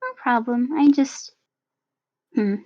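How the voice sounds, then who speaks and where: A woman's voice: a little high, slow, warm tone, dry recording. A woman voicing a timid, worried young woman who speaks hesitantly, trailing off in hums. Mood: uncertain. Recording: slightly muffled recording.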